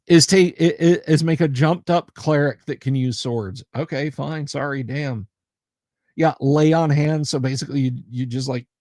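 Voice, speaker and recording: A man's voice: mid-range voice, darkish tone, no room sound, clean studio sound. A man hosting a casual livestream, chatting in a rambling, self-interrupting way and reacting to viewer comments as he goes. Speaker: livestream host.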